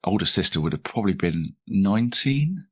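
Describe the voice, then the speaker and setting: Very deep-voiced man rambling self-deprecatingly. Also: very animated, fairly quick. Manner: rambling, self-deprecating, frequent restarts and laughs. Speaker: comedian guest. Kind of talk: casual interview chat.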